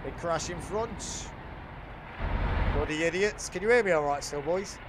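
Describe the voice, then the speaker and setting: A man with a fairly high voice talks a little slowly as he streams a truck driving game, chatting casually with viewers and swearing freely. Loud game engine noise runs behind this live-stream gameplay chat.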